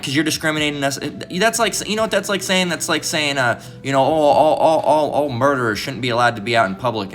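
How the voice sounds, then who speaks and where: A man's voice: medium pitch, bright, forceful tone. A man giving informal, blunt preaching commentary, often restarting and asking "all right?".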